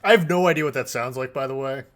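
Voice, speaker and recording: A man narrating combat as game master of a tabletop game, in a deliberate, measured way. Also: medium pitch, a bit bright.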